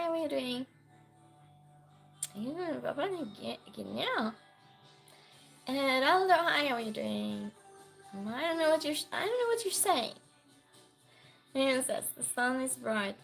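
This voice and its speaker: A hoarse woman with a cold reads her viewers' messages aloud on a livestream and answers them in a slow, unhurried way. Her voice sits a little high and turns gravelly from the sore throat, and she keeps clearing it. Faint music plays underneath. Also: a bit bright. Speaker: livestream host reading chat. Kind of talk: casual chat.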